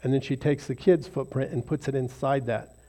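A man's voice: mid-range voice, steady tone, fairly quick, mellow. A man leading an informal devotional talk for a small group in a rambling, self-deprecating, conversational way. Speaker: lay speaker leading a devotional.

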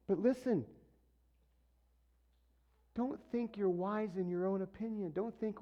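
Animated male pastor preaching conversationally. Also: sits high, slow pace, pauses often, dull audio. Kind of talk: sermon.

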